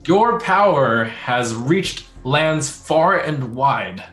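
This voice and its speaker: A man voicing a courteous, mild-mannered old man who speaks gently and placatingly. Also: medium pitch, expressive, extremely slow, soft background music. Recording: roomy echo.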